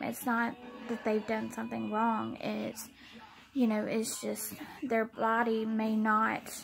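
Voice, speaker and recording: A young woman speaks in a raw, emotional vlog, fighting back tears. Her fairly high voice carries a gravelly fry, and she stops and restarts often. Soft music plays faintly behind her. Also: low-quality recording. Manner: tearful, halting, repeats words. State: close to tears. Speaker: vlogger.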